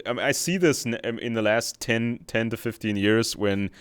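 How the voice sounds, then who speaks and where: Man, smooth resonant voice, dry close sound, earnest, pauses to find words, video call. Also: medium pitch, fairly bright tone, dry recording. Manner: earnest, searching for words mid-sentence.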